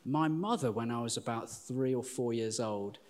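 A middle-aged man preaching a sermon, animated and chatty, often calling listeners "folks". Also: mid-range voice, moderate pace. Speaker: pastor. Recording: long hall reverb.

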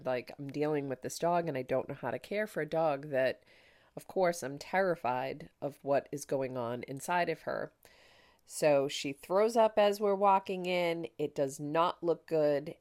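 A woman with a low voice tells a personal story on her podcast. She talks candidly and emotionally, in a chatty flow with plenty of fillers. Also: darkish tone. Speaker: podcast host.

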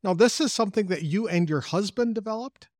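A man's voice: high voice, brisk, darkish tone, dry recording, clean studio sound. An older man hosting an interview podcast, reading an earnest scripted introduction before chatting with his guest. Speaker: podcast host.

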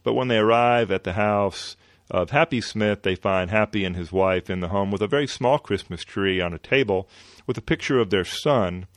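A man hosting a podcast, retelling an old comic-book story in a relaxed way with many fillers. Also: lowish voice, normal speed, dry recording, studio quality. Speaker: podcast host.

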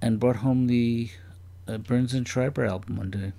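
A man's voice: mid-range voice, steady tone, moderate pace, vocal fry, warm tone. A man chatting as a guest on a comedy podcast, rambling and curious, firing off playful questions. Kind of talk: casual podcast chat.

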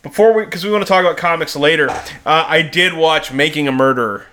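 Guy cohosting a podcast, cusses a lot, laughs loud, bright upbeat voice, kinda high. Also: fast talker, a little hiss or hum. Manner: loud laughing, swearing often. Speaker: podcast co-host. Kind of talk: casual chat.

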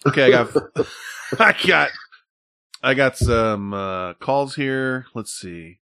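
A man's voice: mid-range voice, lively intonation, slow, bright, forceful tone, clean tone, no echo, clean studio sound. A man hosting a podcast in casual chat, rambling, laughing often and swearing freely. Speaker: podcast host.

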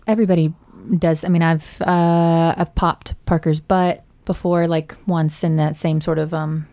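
A woman's voice: low voice, little pitch movement, measured pace, warm tone. A woman in casual conversation, offering reflective advice as a parent. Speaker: parent in discussion. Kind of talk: casual chat.

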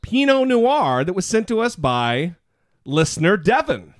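A man hosting a podcast, teasing and joking through relaxed chat with a lively, swinging delivery and a slightly high voice. The sound is close and dry, with no room around it. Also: a little slow, dry recording. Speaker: podcast co-host. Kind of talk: casual chat.

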